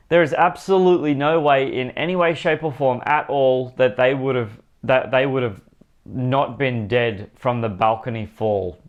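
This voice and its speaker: A man's voice: mid-range voice, highs cut off. A man giving a casual spoken movie review for his channel, rambling and emphatic, repeating himself and talking straight to his viewers.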